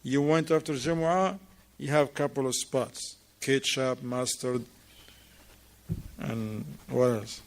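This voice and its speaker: A man's voice: mid-range voice, fairly even intonation, slow pace. A man teaching an informal religious class in a mosque, talking with his students, asking them questions and repeating their answers, in English that is not his first language.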